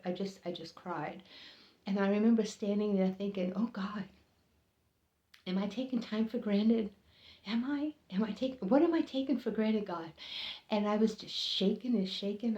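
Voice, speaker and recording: A woman telling a personal story in an earnest, halting way, often pausing and repeating herself as the feeling builds. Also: a little mellow. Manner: earnest, halting, emotional, voices others' lines higher. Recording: roomy, slightly dull recording.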